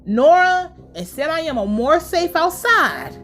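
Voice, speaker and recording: A woman's voice: very high-pitched, big pitch swings, measured pace, a bit bright, soft background music. A woman giving a casual, blunt and profane recap of a TV episode. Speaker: TV recap vlogger.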